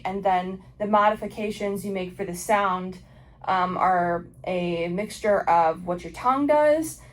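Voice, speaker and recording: A woman's voice: on the low side, poor audio. A young woman teaching oboe articulation in a casual instructional video, explaining with frequent ums and likes.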